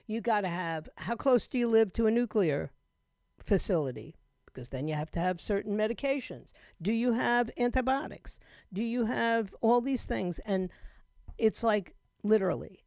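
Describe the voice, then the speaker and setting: A middle-aged woman hosting a talk radio show, talking in an emphatic, conversational way that swings between loud and hushed. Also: mid-range voice, no echo, clean studio sound. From South Florida. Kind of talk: opinionated talk radio monologue. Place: radio studio. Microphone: studio microphone.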